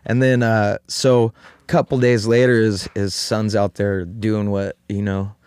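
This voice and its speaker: A man with a lowish voice hosts a podcast and tells a parable in loose, casual chat. He rambles and leans on filler phrases, with some casual swearing. His voice sounds dry and close, with no room around it. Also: little pitch movement, measured pace, a little mellow, clean tone, no echo. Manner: rambling, heavy on "like" and "you know", casual swearing. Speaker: podcast host.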